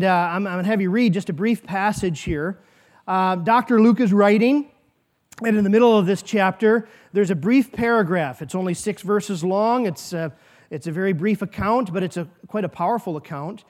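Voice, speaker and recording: High-voiced man preaching a sermon. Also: normal speed, a little mellow. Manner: earnest preaching with rhetorical questions and quoted asides. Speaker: pastor.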